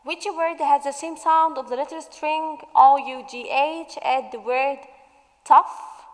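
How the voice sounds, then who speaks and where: A woman English teacher going through a revision worksheet, stretching out example words slowly as she explains. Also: high-pitched, long reverb tail, low-quality recording.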